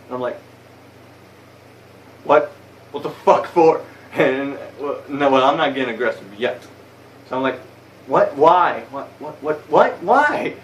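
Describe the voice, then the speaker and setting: A man's voice: medium pitch, recorded from a distance, a little hiss or hum, rough recording. A young man telling a story in a casual vlog, rambling and swearing a lot, heated and blunt. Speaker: vlogger. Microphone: phone camera.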